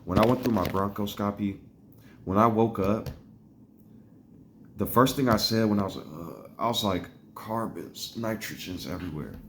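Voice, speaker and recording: A man with a very low voice rambles casually to camera, laughing at himself and dropping swear words. There is faint noise behind him. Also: normal speed, long pauses, a bit bright.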